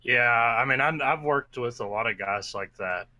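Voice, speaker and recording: A man on a podcast, a volunteer firefighter, talking in a halting, hesitant way. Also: medium pitch, bright, forceful tone, dry recording. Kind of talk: casual podcast chat.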